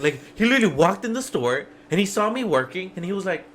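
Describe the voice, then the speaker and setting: A man's voice: sits high, big pitch swings, quick pace, a bit bright, a little hiss or hum. A man on a podcast as a guest, telling a casual, profane work story that keeps breaking into laughter. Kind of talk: casual chat.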